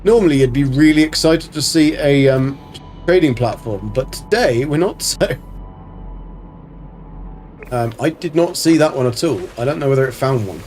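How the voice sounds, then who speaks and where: A man's voice: on the high side, animated, moderate pace, darkish tone. Chatty man streaming a game. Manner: chatty, swearing, greets chat viewers by name. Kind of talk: casual live-stream commentary. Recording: faint background music.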